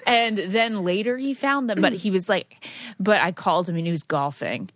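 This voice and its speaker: Woman podcast co-host, mid-pitched, dry close sound, chatty and animated storyteller. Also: moderate pace, dry recording. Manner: animated storyteller, acts out quotes. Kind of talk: casual chat.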